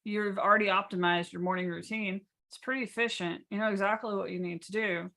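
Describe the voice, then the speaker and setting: A woman business coach teaching in a casual workshop, speaking in a calm, measured, matter-of-fact way. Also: mid-range voice, creaky.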